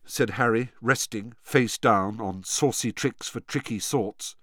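A man narrating a novel as an audiobook in an expressive storytelling manner. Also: mid-range voice, unhurried, few pauses, dry recording, studio quality. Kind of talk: scripted narration.

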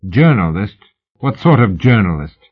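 A coarse, suspicious Victorian heavy, voiced by a man, blunt and challenging. His voice is husky and slightly raised, heard through a thin, phone-like sound. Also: fairly low pitch, very animated, normal speed. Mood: hostile. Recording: narrow phone-like audiobook sound.

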